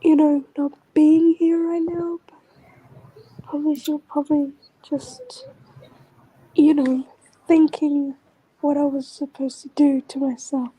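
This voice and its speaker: A woman vlogger talking in a casual, rambling monologue that often drifts into soft whispers. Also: high voice, flat delivery, takes it slowly, pauses often, rough recording.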